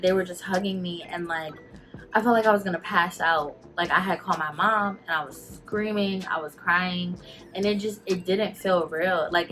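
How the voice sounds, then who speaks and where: Young woman, low pitch, casual storytelling vlog, emotional, fighting back tears, faint music underneath. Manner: emotional, quick and animated, many "like" fillers. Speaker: vlogger.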